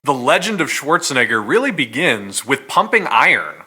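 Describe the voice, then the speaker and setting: A man co-hosting a podcast, arguing his points in lively casual chat. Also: mid-range voice, normal speed, slightly rough. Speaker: podcast co-host.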